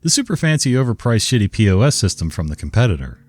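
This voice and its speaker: A man's voice: on the low side, very animated, fast talker, darkish tone, dry recording, soft background music. A man voicing a stubborn, evasive male caller in a whiny, raised voice.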